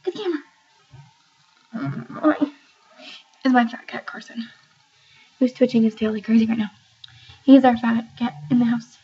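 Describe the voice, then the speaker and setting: A woman's voice: fairly high pitch, fairly even intonation, moderate pace, pauses often, warm tone, slightly rough, highs cut off. A young woman filming an awkward, rambling video message at home. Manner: awkward, rambling, self-conscious. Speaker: vlogger. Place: family home, near the kitchen.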